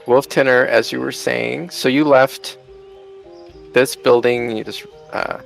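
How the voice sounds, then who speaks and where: Male host, gravelly mid-pitched voice, easygoing chatty delivery. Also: little pitch movement, takes it slowly, faint music behind. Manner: chatty, laughs often. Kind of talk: casual chat over a game tour.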